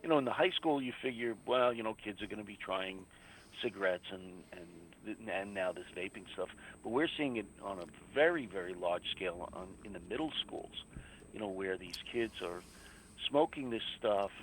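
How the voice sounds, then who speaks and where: A man's voice: fairly low pitch, lively intonation, normal speed, a little hiss or hum, poor audio. Earnest man explaining, full of "you know". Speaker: local anti-drug alliance coordinator, radio guest. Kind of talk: casual radio interview.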